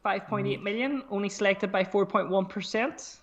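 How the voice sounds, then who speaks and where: Chatty, animated man in casual chat. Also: high voice, normal speed, muffled recording. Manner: chatty and animated, swears freely. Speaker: podcast co-host.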